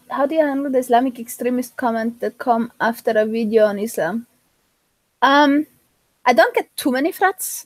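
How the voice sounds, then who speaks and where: A woman's voice: a little high, a little mellow, no room sound. A woman with a mixed, hard-to-place accent, speaking as a guest in a casual live-stream chat and earnestly explaining her views at length.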